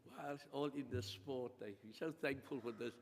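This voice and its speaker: A man with a South African accent preaching a church sermon and leading prayer, halting with many fillers. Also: medium pitch, fairly even intonation. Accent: South African English. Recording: long reverb of a church hall.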